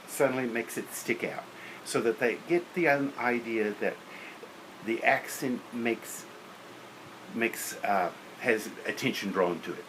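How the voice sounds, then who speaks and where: A man's voice: mid-range voice, a little slow, a bit bright, slight background noise, poor audio. A man lecturing on teaching beginner band, practical and opinionated, counting and singing rhythms aloud. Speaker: music teacher.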